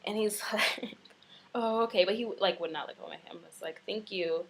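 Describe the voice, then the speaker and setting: A woman's voice: medium pitch, fairly quick, husky, poor audio. A young woman vlogging from her apartment, telling a rambling story full of "like" and "um". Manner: rambling, filler-heavy storytelling with lots of "like". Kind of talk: casual chat. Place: apartment in Florence.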